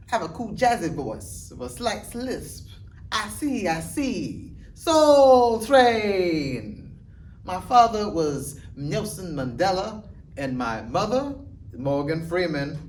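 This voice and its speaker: A goofy, high-pitched parody voice put on by a man, jazzy and smooth with a slight lisp. It sounds taken from a distant mic, with faint room ambience behind. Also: very animated, slow, slight background noise, heavily acted.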